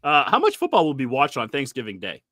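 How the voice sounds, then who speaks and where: A man with a Boston accent in a mid-range voice that rings bright and forward, recorded dry and close. He runs a loose sports podcast, firing questions at his co-hosts and ribbing them with swear words. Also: mid-range voice, wildly swooping pitch, quick pace, no room sound. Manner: profane, teasing, quizzing co-hosts. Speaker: podcast host asking the questions. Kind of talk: casual sports chat.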